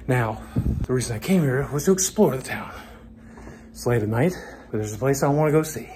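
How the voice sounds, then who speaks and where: A man's voice: mid-range voice, a little mellow. Middle-aged man telling wry stories. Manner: candid, conversational, wry. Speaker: vlogger touring his hometown. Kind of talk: casual storytelling. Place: outdoors at night.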